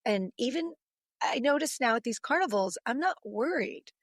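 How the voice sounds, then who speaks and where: A middle-aged woman, a podcast guest, telling a story in a lively, animated way and acting out the voices in it. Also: on the high side, moderate pace, no room sound, clean studio sound.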